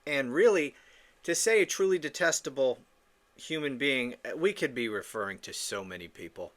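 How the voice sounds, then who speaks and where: Man, political podcast host, solo opinion monologue, indignant, profane, stammering restarts, bright edgy tone. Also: mid-range voice, expressive, moderate pace.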